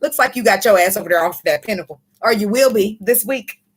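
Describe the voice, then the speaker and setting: A woman giving a casual tarot reading, excitable and quick to laugh, swearing freely as she talks. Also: mid-range voice, a little hiss or hum. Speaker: tarot reader.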